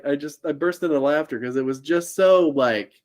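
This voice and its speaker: A man's voice: on the high side, a little fast, a little mellow. A man from Indiana co-hosting a podcast, telling a story in casual chat. He laughs often as he talks and acts out the people in it. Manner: laughs often through his own story. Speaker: podcast co-host.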